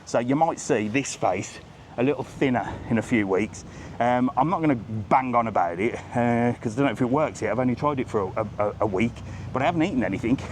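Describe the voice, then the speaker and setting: Background noise surrounds a brisk, mid-range male voice. The speaker, a travel vlogger, walks a seaside street on a live handheld-phone vlog, chatty and joking as he greets people along the way.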